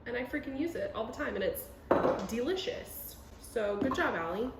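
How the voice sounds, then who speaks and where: Excitable young woman in an echoey kitchen. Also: fairly high pitch, normal speed, creaky, very noisy. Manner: chatty, excitable, self-mocking. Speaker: vlogger. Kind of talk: casual cooking vlog. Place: home kitchen.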